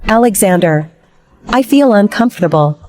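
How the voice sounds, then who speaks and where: A woman's voice: medium pitch, lively intonation, normal speed, a little mellow, a little hiss or hum, natural voice. An actress playing a young woman secretary, reborn and scheming, in a dubbed drama, with playful spoken asides. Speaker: secretary Rachel.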